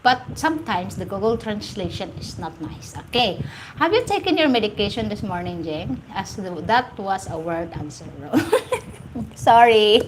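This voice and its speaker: A woman with a Filipino accent hosts a casual live stream and answers viewer comments in a chatty, teasing way. She laughs often and circles back over her own phrases. Her pitch sits mid-range, and there is faint ambient noise behind her. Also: expressive, moderate pace, low-quality recording. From Philippines. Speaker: livestream host.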